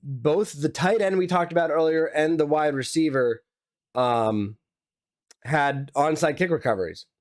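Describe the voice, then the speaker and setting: A man's voice: fairly high pitch, a little slow, dry recording, studio quality. A man co-hosting a casual sports podcast, chatty and easygoing. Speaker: podcast co-host.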